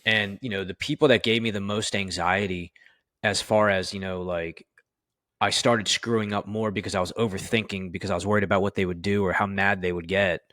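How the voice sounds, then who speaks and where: A man with a low voice works through fire-service stories in an interview. He speaks candidly, swears freely and acts out what his old officers said. The sound is dry and close. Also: steady tone, a little fast, a bit bright, no room sound. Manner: candid and profane, heavy use of "you know". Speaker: firefighter officer guest. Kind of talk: casual interview storytelling.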